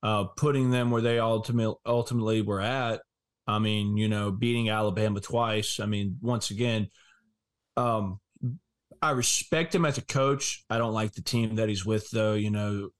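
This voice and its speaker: A man's voice: lowish voice, fairly even intonation, normal speed. Brash ranting man on a podcast. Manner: brash, ranting trash talk. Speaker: podcast co-host. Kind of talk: casual sports podcast chat.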